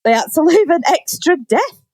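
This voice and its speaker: A young woman on a podcast, casually telling a story with lively acted-out quotes and plenty of swearing. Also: very high voice, moderate pace, no echo. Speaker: podcast co-host. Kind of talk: casual chat.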